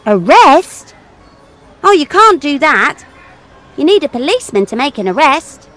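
Cheeky little girl, played by a woman: high, bouncy, teasing, sing-song delivery for a kids' story. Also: very animated, measured pace, faint music behind, full character voice. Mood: playful. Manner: bright, sing-song and playful. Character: cheeky young girl who teases machines. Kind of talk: children's audio story acting.

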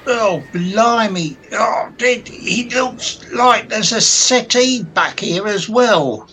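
A man's voice: high voice, takes it slowly, pushed and bright, slight background noise, exaggerated voice. A man playing Tom, a cheeky joking sidekick who keeps punning. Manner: teasing, punning, giggly.

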